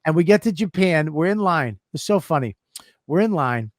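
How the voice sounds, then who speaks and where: Brief: man, slightly high voice, profane rambling storyteller, dry studio sound. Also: lively intonation, normal speed, no room sound. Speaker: co-host. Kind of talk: casual comedy podcast chat.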